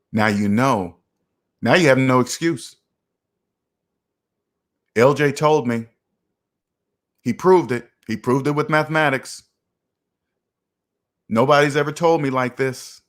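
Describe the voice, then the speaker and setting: Emphatic, preachy man host. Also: mid-range voice. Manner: preachy, emphatic, repeats himself for effect. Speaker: finance channel host. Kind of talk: livestream commentary reading chat.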